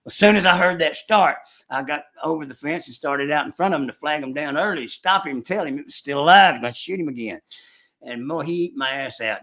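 Bright-voiced older man spinning a yarn. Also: fairly high pitch, fast talker. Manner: folksy rural drawl, animated when retelling shouts. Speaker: storyteller recounting hunting trips. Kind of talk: casual storytelling chat.

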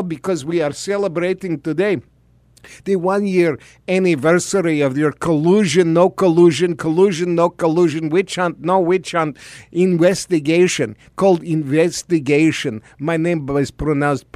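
A man's voice: on the high side, measured pace, a little mellow, no room sound, lightly acted. A man doing a boastful Russian strongman. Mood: defiant. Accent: put-on Russian. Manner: broken English, repeated denials, mock bravado. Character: boastful older Russian president, sly and defiant. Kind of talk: comedic impression on talk radio.

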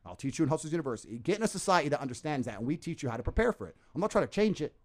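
A man talking as a podcast guest, ranting forcefully and with lots of profanity. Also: on the high side, big pitch swings, racing. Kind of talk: casual podcast conversation.

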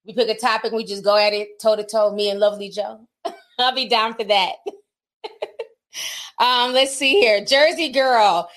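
A woman with a fairly high, fairly bright voice hosts a laid-back livestream and reads out super chats. She speaks at normal speed in a steady tone, pausing often, while chatting candidly, laughing and dropping slangy remarks.

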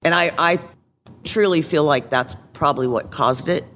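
A woman guest telling her own story in a casual interview, candid and halting, with many fillers and restarts. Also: low-pitched, fairly bright tone, long reverb tail, a little hiss or hum.

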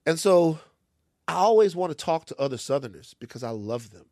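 A man from Louisiana co-hosts a loose, comic conversation and tells his stories with big swings in pitch. His voice sits a little high for a man. The sound is dry and close to the mic. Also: brisk, no room sound. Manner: animated storyteller, acts out other voices. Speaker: podcast co-host. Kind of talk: casual comic chat.

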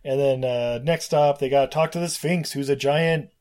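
A man's voice: mid-range voice, steady tone, moderate pace, darkish tone. A man co-hosting a casual podcast, rambling and swearing as he recaps a film plot, often breaking into laughter.

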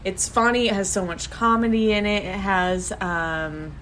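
A woman's voice: mid-range voice, fairly bright tone, slight background noise. Enthusiastic young woman gushing about movies. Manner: enthusiastic, quick restarts. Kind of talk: casual chat.

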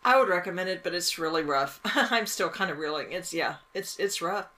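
A woman who teaches, talking casually about a film in a halting, emphatic way with many restarts. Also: on the low side, lively intonation, sharp tone. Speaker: teacher and podcast co-host.

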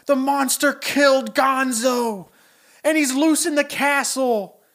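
A man voicing a frantic male frog scientist in a high, panicky voice. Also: fairly bright tone, full character voice. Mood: alarmed. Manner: shrill, hurried, panicky.

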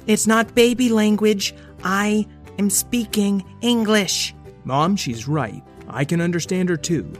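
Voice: mid-range voice, takes it slowly, soft background music, pitched above the performer's own voice, lightly acted. A storyteller doing an earnest, insistent boy.

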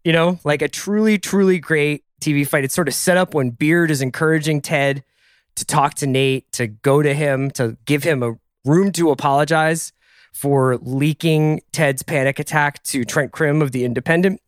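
A man's voice: fairly high pitch, steady tone, normal speed, no echo. Chatty man hosting a podcast, dry sound. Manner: chatty, thinks aloud with restarts and asides. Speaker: podcast host. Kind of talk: casual pop-culture discussion.

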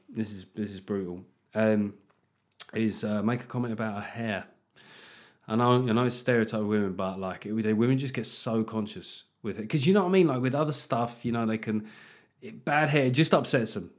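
A man talks through his podcast in a loose comic monologue. He swears freely and rambles from one thought to the next. His pitch sits in the middle of the range. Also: brisk, darkish tone. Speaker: podcast host.

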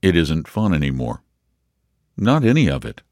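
A man reading the lines of a gloomy, withdrawn young man who speaks tersely and flatly. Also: low-pitched, moderate pace, no echo, clean studio sound. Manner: flat, terse, sullen.

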